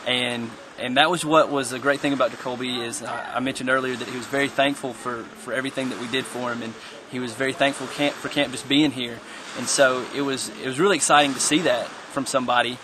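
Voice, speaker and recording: A man's voice: medium pitch, fairly even intonation, fast, noisy background. A man on the camp staff recalling his first camper, stringing sentences together with "and so.". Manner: run-on sentences joined by and so. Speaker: camp staff member, former counselor. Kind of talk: personal recollection in an interview.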